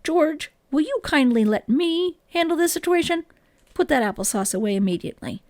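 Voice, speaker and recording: A woman's voice: high-pitched, expressive, moderate pace, a little mellow, dry recording, studio quality, pitched above the performer's own voice. A woman reading aloud and voicing a stern, commanding father who speaks firmly. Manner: firm, authoritative.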